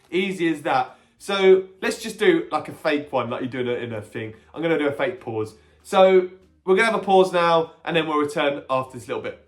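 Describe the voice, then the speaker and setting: A young man runs a relaxed pub-style quiz, chatty and quick to laugh at himself. His voice sits a touch higher than most men's. Faint music plays quietly underneath. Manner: chatty, self-mocking, giggly. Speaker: quiz host. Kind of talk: casual pub-quiz hosting.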